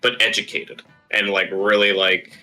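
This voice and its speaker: A man's voice: on the low side, little pitch movement, measured pace, bright, forceful tone, soft background music, low-quality recording. A man serving as game master, chatting casually in a rambling, easygoing way with lots of filler words. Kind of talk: casual table talk.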